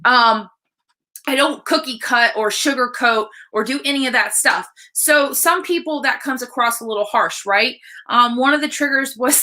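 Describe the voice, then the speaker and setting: Blunt, excited woman coach in her thirties; bright, slightly high voice, casual livestream delivery. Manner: blunt, excited, swears freely. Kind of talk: casual live-stream talk.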